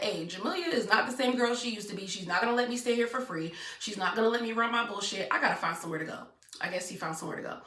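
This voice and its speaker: Young woman, blunt storytime vlogger, bright voice, echoey distant mic. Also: fairly high pitch. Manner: blunt, talks straight to viewers. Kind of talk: storytime vlog. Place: room at home.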